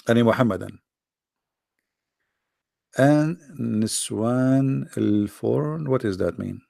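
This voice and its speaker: A man's voice: medium pitch, drawn-out words, gravelly, long pauses, dark tone, dry recording, clean studio sound. A man with joking and rambling in a teasing voice chat. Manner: teasing, rambling, non-native phrasing. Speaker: chat room speaker.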